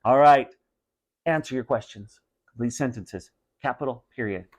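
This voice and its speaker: A man, a teacher, reading a storybook aloud with expressive narration. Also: medium pitch, normal speed.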